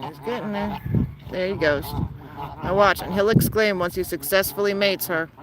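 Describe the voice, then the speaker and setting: A woman's voice: normal speed, a loud crowd, low-quality recording. A woman who keeps pet geese, chatting casually outdoors by a pen near water and laughing often. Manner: chatty, laughs often, coos at the birds in a high voice. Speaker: pet goose keeper and channel host. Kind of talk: casual vlog narration. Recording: loud outdoor background noise. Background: loud outdoor noise and geese.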